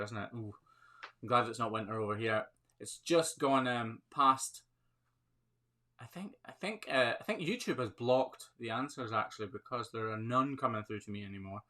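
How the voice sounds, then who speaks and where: Scottish man, chatty live stream host, bright forceful voice, phone mic. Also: medium pitch, expressive, moderate pace. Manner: chatty, upbeat, laughs often. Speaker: livestream host, hoof trimmer. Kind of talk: live Q&A chat reading viewer comments.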